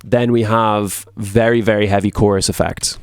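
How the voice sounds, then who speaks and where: A man who produces music, talking through a tutorial in a relaxed, casual way and often repeating words for emphasis. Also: fairly low pitch, normal speed, clean tone, dry recording, studio quality.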